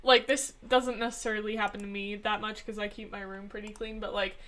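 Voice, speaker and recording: A woman's voice: mid-range voice, flat delivery, brisk, a bit bright. A teenage girl co-hosting a podcast in casual chat, hesitant and stuffing her sentences with fillers. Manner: hesitant, filler-heavy with lots of "like". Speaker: podcast co-host.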